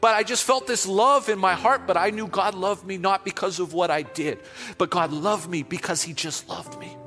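Male pastor preaching, high-pitched, bright and forceful, repetitive impassioned delivery, reverberant church hall. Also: normal speed, soft background music. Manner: impassioned, repetitive preaching that drops to a hushed prayerful close. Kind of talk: sermon. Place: church sanctuary.

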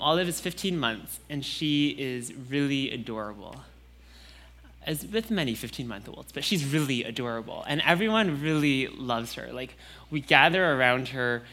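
A young man with a mid-range voice preaches a Sunday sermon in a relaxed, conversational style, using casual fillers and restarts.

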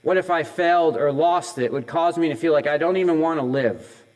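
A middle-aged male pastor preaches a sermon in a conversational way, firing off question after question at the listeners. His voice sits a little higher than most men's, and he laughs off his own slips of the tongue. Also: fairly quick, a little mellow, low-quality recording. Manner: conversational, asks many questions in a row.

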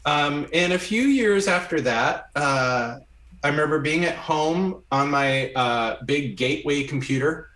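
A man telling a personal story during a conversation, animated and often checking in with "right?". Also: a little high, unhurried. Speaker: guest. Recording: roomy echo.

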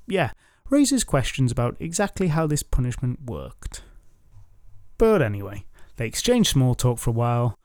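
A man's voice: medium pitch, a little mellow, dry recording, studio quality. A young man retelling old myths with wry, jokey asides, as a storytelling podcast host. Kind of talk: comic myth retelling.

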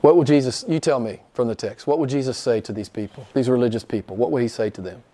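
A middle-aged pastor preaching a sermon, emphatic and questioning his congregation, jumping high in pitch when he quotes people. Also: quick pace, mellow. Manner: emphatic, rising high when quoting others.

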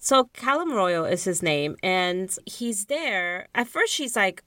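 A woman co-hosting a podcast, recapping a book in casual chat with sarcastic, animated asides. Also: mid-range voice, slow, hardly any pauses, no echo. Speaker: podcast co-host.

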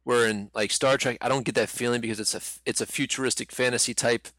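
A man's voice: mid-range voice, fast, dry recording. A man co-hosting a casual podcast chat, talking with lots of fillers and the odd swear word. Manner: animated, swearing, frequent filler words. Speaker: podcast co-host.

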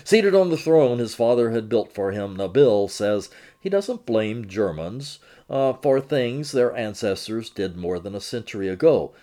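A man reporting and narrating his own magazine feature in a measured, expressive storytelling manner. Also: fairly low pitch.

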